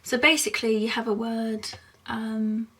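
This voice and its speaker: Chatty Essex woman with a husky voice. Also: a little high, level tone, measured pace, fairly bright tone, far from the mic. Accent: Essex English. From England (Essex). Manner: chatty, giggly, lots of ums and self-corrections. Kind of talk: casual rambling vlog explanation.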